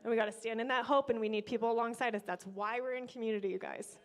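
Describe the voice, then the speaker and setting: A young woman telling a personal story in a casual, faith-filled way. She gets excitable and animated, with bursts of praise. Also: on the high side, quick pace. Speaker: vlogger and kidney donor.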